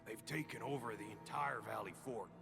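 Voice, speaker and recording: Gravelly weary survivor. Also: male voice, medium pitch, brisk, over music. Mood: worried. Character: weary male survivor pleading for help. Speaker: game character. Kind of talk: video game voice acting.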